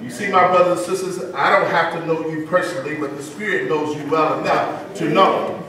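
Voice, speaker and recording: High-voiced pastor preaching in an echoey church. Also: male voice, steady tone, distant mic, a crowd in the background. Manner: call-and-response preaching, drawn-out sung phrases. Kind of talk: sermon. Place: church sanctuary.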